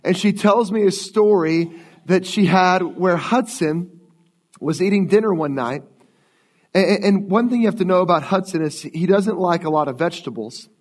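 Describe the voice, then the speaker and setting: Long reverb from the church hall surrounds this pastor, a man in his late thirties speaking in a high voice at a moderate pace. His sermon unfolds as conversational storytelling in the sanctuary.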